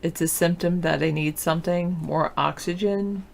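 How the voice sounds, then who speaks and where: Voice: mid-range voice, fairly even intonation, normal speed, vocal fry, a little hiss or hum. A teacher hosting a political talk show, chatting in a loose, offhand and sleepy way while answering viewer comments. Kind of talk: casual chat, reading and answering viewer comments.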